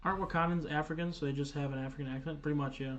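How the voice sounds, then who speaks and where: Casual, swearing gaming streamer. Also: male voice, on the high side, fairly even intonation, racing, muffled recording. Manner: casual, profane, thinks aloud. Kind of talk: casual livestream commentary.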